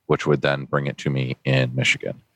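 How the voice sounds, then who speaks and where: A man from New Hampshire with an extremely low, deep voice, co-hosting a podcast. He tells stories in casual chat and jumps higher when he imitates the people he quotes. The sound is dry and close. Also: brisk, dry recording. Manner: animated anecdote-teller, jumps pitch when quoting people. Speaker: podcast co-host.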